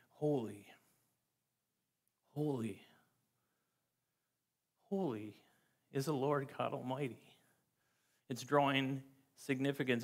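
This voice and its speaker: A man's voice: medium pitch, fairly bright tone. A man preaching as a pastor, reading scripture aloud and stressing key words again and again in an earnest, emphatic way. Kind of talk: sermon. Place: church.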